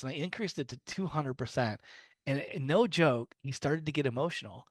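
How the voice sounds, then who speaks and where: A man's voice: mid-range voice, brisk. A man in an easy storytelling mode talks to a group, his sentences full of fillers and restarts. His voice sits in a middle register, and the sound is dry and close with no room echo. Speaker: guest speaker on low-vision resources. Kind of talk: casual talk to a small group.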